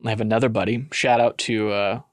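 A man's voice: on the low side, level tone, brisk, no echo. A man co-hosting a casual podcast, joking and laughing often, recorded on a phone. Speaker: podcast co-host. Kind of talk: casual chat.

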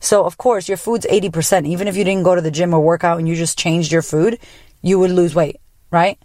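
A woman hosting a podcast, telling a personal story in a blunt, profane, animated way. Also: fairly low pitch, fairly quick, no echo, studio quality. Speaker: podcast host. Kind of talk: casual personal monologue.

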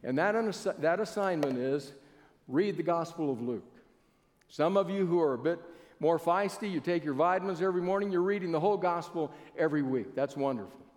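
A high-voiced male pastor preaching a sermon in a folksy storytelling way, talking directly to his congregation. His voice rings with a long reverb through a large church sanctuary, picked up by a stage mic. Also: fairly quick, a little mellow.

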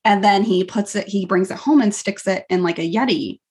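A woman's voice: mid-range voice, brisk, a little mellow, husky. A woman co-hosting a podcast in casual chat, upbeat and chatty. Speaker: podcast co-host.

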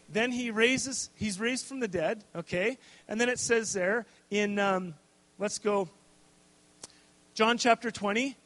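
A man's voice: sits high, fairly bright tone. A man preaching a casual, conversational sermon, checking in with "okay?" and adding jokey asides. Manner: conversational, tags lines with "okay?" and "right?".

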